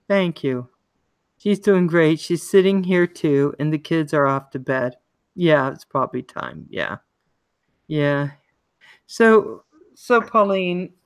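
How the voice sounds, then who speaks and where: Maryland woman hosting a live chat, unhurried and chatty, smooth dry close voice. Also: sits low, dry recording. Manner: chatty, greets viewers by name, laughs often. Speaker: livestream host. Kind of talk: casual live chat reading comments.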